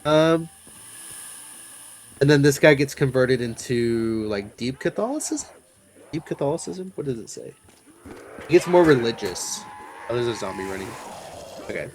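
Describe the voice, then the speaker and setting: A man's voice: medium pitch, expressive, measured pace, pauses often, a little hiss or hum. A young man casually talking through a book's chapters while gaming, with a rambling, hesitant manner full of fillers and self-corrections. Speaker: book discussion host. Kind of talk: casual book discussion while playing a game.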